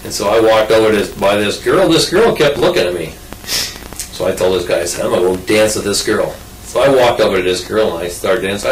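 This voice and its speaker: A man's voice: on the low side, animated, brisk, far from the mic, a little hiss or hum. An older man telling a rambling, folksy personal story in casual oral-history style, full of restarts and asides. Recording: roomy sound from off mic.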